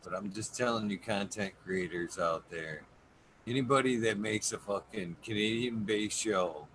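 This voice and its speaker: A man's voice: fairly low pitch, normal speed, a bit bright, a little hiss or hum. A man hosting a casual podcast chat, joking, swearing freely and laughing often. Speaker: podcast host.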